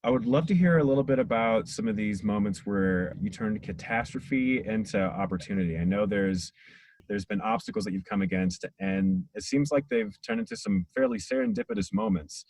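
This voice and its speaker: A man's voice: fairly low pitch, sing-song, moderate pace, gravelly, a little mellow. A man hosting an interview, asking long, rambling questions full of fillers. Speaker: interviewer, podcast host. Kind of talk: conversational interview.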